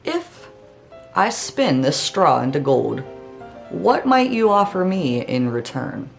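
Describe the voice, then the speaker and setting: Here is a smug little male imp, as a woman puts him on. His voice is dropped low and sly, drawling every bargain with a knowing edge. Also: sing-song, slow pace, vocal fry, soft background music, exaggerated voice.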